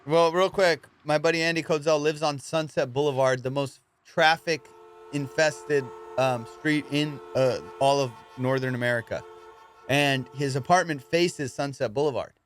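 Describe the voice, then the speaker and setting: A man hosting a casual comedy podcast, telling profane, animated stories and laughing often. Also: on the high side, a little slow, a little hiss or hum. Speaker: podcast host.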